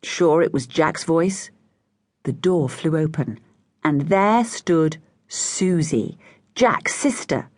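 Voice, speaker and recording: A woman narrating a children's story, voicing each child with a higher, brighter pitch. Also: slow, no room sound. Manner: lively, voices each child with raised pitch. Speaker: audiobook narrator.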